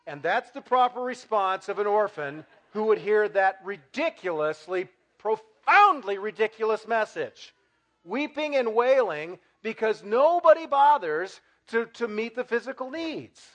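Animated preacher man, lively pitch. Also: a little slow. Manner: animated, building to loud emphatic peaks. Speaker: pastor. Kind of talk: sermon.

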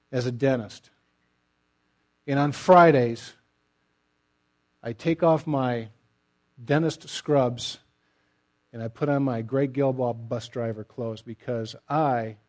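Middle-aged guy preaching, dark mellow voice, emphatic, trails off soft at the ends. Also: medium pitch. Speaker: pastor. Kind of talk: sermon.

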